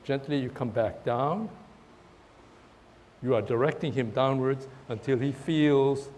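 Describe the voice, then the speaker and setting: A man teaching a tai chi class in a park, talking haltingly with many restarts while he demonstrates the moves. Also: mid-range voice, darkish tone, a little hiss or hum. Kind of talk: outdoor class instruction. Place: park, outdoors.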